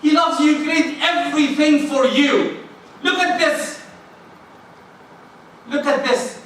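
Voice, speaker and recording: High, bright-voiced preacher. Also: male voice, fairly even intonation, takes it slowly, a little hiss or hum. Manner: fervent, rising emphatic delivery. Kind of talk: sermon. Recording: echoey room from far off, faint ambience.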